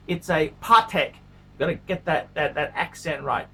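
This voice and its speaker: With a fairly high, sharp and husky voice at a moderate pace, a watch-review vlogger delivers a casual, unscripted monologue on his own channel. He's emphatic and repetitive, mixing crude jokes with pleading asides.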